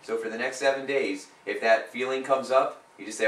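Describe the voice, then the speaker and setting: A man's voice: mid-range voice, steady tone, a little fast, a bit bright. Emphatic man coaching, roomy distant sound. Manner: emphatic, repeats phrases with rising force. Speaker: hypnotist coaching a client. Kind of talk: live coaching session.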